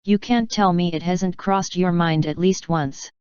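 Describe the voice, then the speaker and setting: A woman's voice: fairly low pitch, unhurried, a little mellow, smooth, no room sound, close to an everyday voice. Woman reading as a tearful pony wife. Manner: defensive, on the edge of tears. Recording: dull lo-fi.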